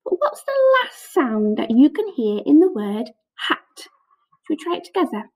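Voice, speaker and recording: A woman teaching a phonics lesson to young children on camera, sounding out letters slowly with lots of praise. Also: sits high, sing-song, breathy edge, low-quality recording. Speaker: primary school teacher.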